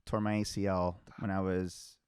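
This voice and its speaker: A young man hosting a podcast, telling a story in a loose, animated way, laughing often and leaning on filler words. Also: deep voice, moderate pace, smooth, dry recording, studio quality. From Hispanic family background. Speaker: podcast host. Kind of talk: casual storytelling chat.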